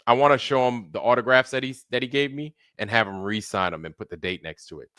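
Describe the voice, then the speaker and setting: Hosting a relaxed live stream, a man with a mid-range, smooth and slightly bright voice talks quickly in a dry, studio-quality recording. His loose, slangy patter is a running roll call of viewers greeted by name, one after another.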